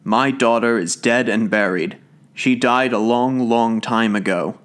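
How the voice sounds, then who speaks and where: A man's voice: mid-range voice, a little slow, fairly bright tone, clean tone, close to an everyday voice. Man doing a stern old gent, grieving and suspicious, clipped and heavy. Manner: angry then sorrowful.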